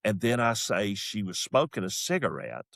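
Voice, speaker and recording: Low-voiced Southern comedian telling a story. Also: male voice, normal speed, creaky, dry recording, clean studio sound. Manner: animated, acts out voices and quotes. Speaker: comedian guest.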